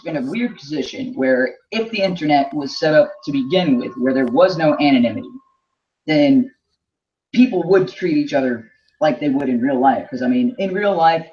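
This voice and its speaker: A man co-hosting a casual discussion, reasoning aloud in a measured way with frequent restarts. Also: medium pitch, darkish tone. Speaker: podcast co-host. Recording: dull lo-fi sound.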